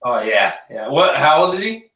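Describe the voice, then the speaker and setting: A young man hosting a casual chat about RC cars, telling animated stories about his kids. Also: mid-range voice, normal speed, far from the mic, lo-fi sound. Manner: animated storyteller who acts out his kids' lines. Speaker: host of an RC hobby hangout. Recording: echoey room, a bit off-mic.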